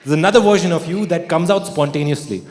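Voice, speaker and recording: A man doing a stand-up comedy set with dry, deadpan delivery that breaks into sudden outbursts and mocking put-on voices. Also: on the high side, fast. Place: theatre stage before a laughing audience. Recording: echoey live hall with audience. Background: audience laughter.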